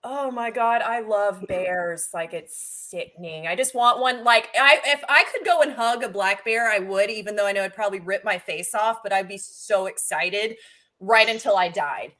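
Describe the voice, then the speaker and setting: A woman hosting a casual livestream, chatting in a bubbly, excitable way that swings from loud bursts to soft asides. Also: medium pitch, moderate pace. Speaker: livestream host.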